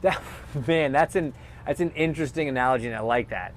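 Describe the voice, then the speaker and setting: A man in his thirties, a former race driver turned analyst, telling stories in a lively, casual interview chat. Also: mid-range voice, fairly quick, slight background noise. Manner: animated storyteller who acts out quotes.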